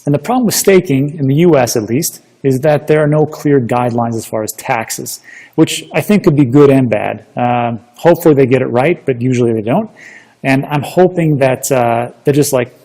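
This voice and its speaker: A man giving a chatty, energetic recap of a seminar in casual commentary, often restarting his sentences. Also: medium pitch, moderate pace. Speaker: crypto investing YouTuber. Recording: long reverb.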